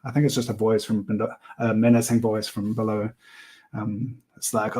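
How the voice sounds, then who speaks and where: A man's voice: mid-range voice, little pitch movement, normal speed, a little mellow, slightly rough. Rambling, easygoing male livestream artist. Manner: rambling, hesitant, laughs often. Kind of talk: casual chat while sketching.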